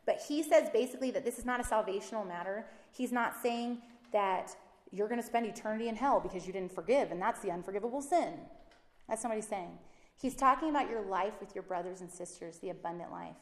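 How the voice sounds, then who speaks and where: A woman giving a casual Bible teaching, chatty and animated, acting out the people she quotes. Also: fairly quick, roomy sound. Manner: chatty and animated, acts out quotes with rising pitch.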